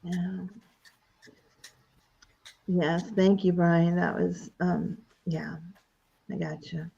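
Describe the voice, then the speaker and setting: A woman hosting an online tribute over a video call, soft and hesitant, with many fillers. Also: on the low side, little pitch movement, drawn-out words, creaky, slightly rough, dull audio. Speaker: host.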